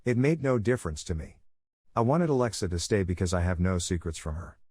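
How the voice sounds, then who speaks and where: A man reading a first-person story aloud in steady scripted narration. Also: sits low, a little fast, husky, no room sound, studio quality.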